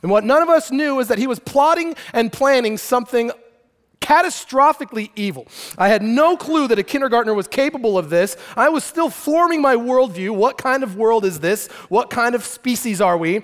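A man from Arizona, a pastor, preaching a sermon through an animated, playful comic story that swings between loud and quiet. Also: very high-pitched, normal speed. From Arizona, USA. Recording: long reverb of a large hall.

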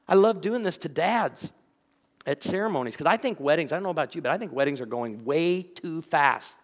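A man preaching from the pulpit with a fairly high, animated voice, acting out the people in his stories. His sermon rings with the long reverb of a large church hall, and his delivery swings between playful and earnest. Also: brisk. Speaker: pastor.

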